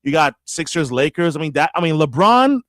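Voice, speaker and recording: Animated stammering man talking sports. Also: a little high, fairly quick, no echo, clean studio sound. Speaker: radio host guest. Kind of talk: casual sports talk.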